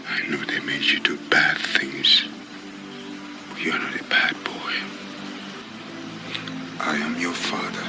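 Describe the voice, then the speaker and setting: A man's voice: fairly low pitch, animated, takes it slowly, long pauses, soft background music, full character voice. A desperate pleading father. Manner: pleading, shouting then hushed to a whisper. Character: desperate grown father pleading with his lost son. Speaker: film character.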